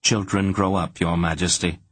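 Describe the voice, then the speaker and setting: Man reading a calm, wise sorceress. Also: deep voice, breathy edge. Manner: calm, measured.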